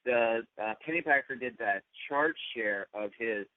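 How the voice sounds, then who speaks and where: A man's voice: medium pitch, measured pace. A man co-hosting a podcast, chatting casually and often breaking off mid-sentence. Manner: rambling, self-interrupting. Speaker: podcast co-host. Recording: tinny phone-like sound.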